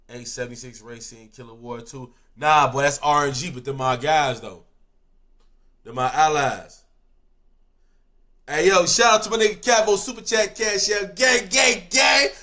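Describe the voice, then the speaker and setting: A young man telling a street story in casual slang, swinging between loud outbursts and low mumbles.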